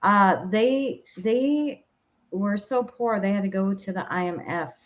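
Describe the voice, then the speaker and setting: A woman's voice: mid-range voice, takes it slowly. Minnesotan woman co-host, casual rambling delivery, slightly dull lo-fi sound. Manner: rambling, searches for words, laughs easily. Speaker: podcast co-host. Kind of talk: casual chat.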